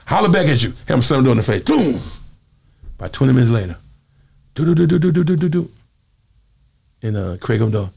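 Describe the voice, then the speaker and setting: A man telling stories in a casual interview, acting out the people he quotes with lively energy. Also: medium pitch, quick pace, creaky, pauses often, slightly rough. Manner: animated storyteller, acts out quotes. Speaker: guest.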